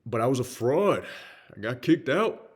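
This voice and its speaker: A man's voice: medium pitch, sing-song, measured pace, slightly rough. A young man with a Southern US accent giving a blunt, candid motivational talk about his own life. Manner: blunt, slangy, peppered with "man". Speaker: motivational speaker.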